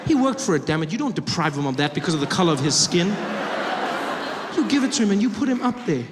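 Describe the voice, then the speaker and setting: A man's voice: sits high, big pitch swings, quick pace. A man performing stand-up comedy on stage, chatty and self-deprecating. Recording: live venue hall with audience noise.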